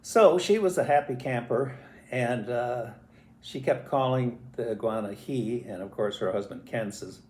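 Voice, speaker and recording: Older guy spinning a family yarn, animated, does little sound effects, mid pitch, echoey room. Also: measured pace. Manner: animated, acts out voices and sounds. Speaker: storyteller. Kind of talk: casual family storytelling. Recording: roomy echo.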